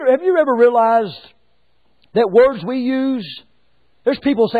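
A man preaching a sermon as pastor, swinging between hushed lines and shouted ones. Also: sits high, animated, normal speed, phone-quality sound.

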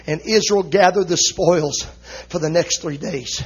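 A man preaching an impassioned, emotional sermon, shouting rhythmic lines and punctuating them with "uh, amen.". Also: fairly high pitch, unhurried, breathy edge. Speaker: visiting preacher.

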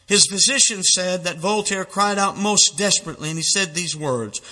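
Fiery preacher guy, bright sharp voice, dramatic, lots of reverb. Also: high voice, moderate pace, few pauses. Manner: dramatic, reads quotes aloud with rising intensity. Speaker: street preacher. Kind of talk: fiery sermon.

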